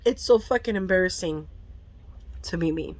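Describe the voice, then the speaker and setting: An adult mother of a school-age child shares a candid storytime vlog, frank and emotional, swearing a lot and occasionally tearing up. Her voice is fairly low and darkish, at a normal speed, in a dry recording.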